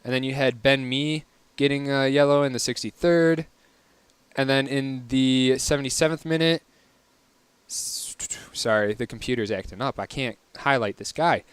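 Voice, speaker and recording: A man's voice: medium pitch, steady tone, moderate pace, smooth, dry recording. A young man hosting a casual solo soccer recap, chatty, wry and opinionated. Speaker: podcast host.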